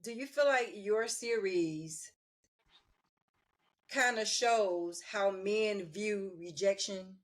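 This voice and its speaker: A woman's voice: medium pitch, takes it slowly. A woman hosting a podcast interview, blunt and opinionated. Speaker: podcast host.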